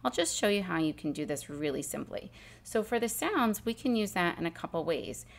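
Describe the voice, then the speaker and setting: Calm woman teacher, lowish voice. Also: brisk, creaky. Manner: calm, explains step by step, sounds out phonemes. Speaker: literacy teacher. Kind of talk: instructional demonstration.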